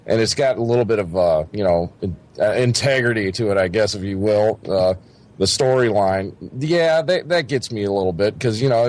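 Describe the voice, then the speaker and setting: A man co-hosting a casual radio talk show, rambling and exasperated. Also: on the low side. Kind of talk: casual chat.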